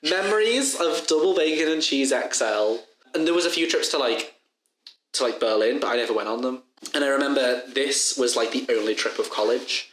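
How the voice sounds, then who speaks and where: Young Scouse guy, podcast co-host, animated storyteller, recorded in a roomy space. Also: mid-range voice, normal speed. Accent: Liverpool. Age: young adult. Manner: animated, laughing, swears freely. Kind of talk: casual storytelling chat. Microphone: badly placed mic. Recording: echoey room.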